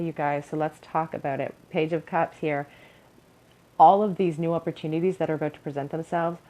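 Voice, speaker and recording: A woman's voice: sits low, dark tone, a little hiss or hum, low-quality recording. A young woman giving an encouraging, earnest pick-a-card tarot reading to her viewers. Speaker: tarot reader.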